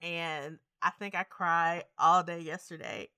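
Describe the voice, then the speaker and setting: A woman co-hosting a podcast in casual chat, animated and emotional, laughing often. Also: lowish voice, a little slow, clean tone, no echo, clean studio sound. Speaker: podcast co-host.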